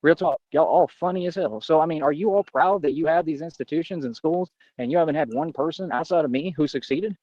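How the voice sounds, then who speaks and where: A man's voice: on the high side, fairly quick, few pauses, darkish tone, no echo, lo-fi sound. A man on a livestream ranting in a boastful, confrontational, rambling way.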